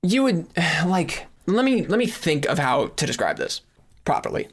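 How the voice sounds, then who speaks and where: A young podcast co-host rants with a high voice whose pitch swoops wildly, keeping a moderate pace. Exasperated, he swears heavily as he complains in casual conversation, at times sitting far from the mic.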